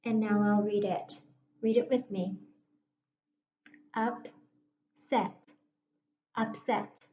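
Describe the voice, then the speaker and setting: A woman teacher giving a slow, patient phonics lesson to young children, sounding words out and inviting them to read along. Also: mid-range voice, steady tone, mellow, slight background noise. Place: room at a whiteboard. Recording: echoey room, dull muffled sound.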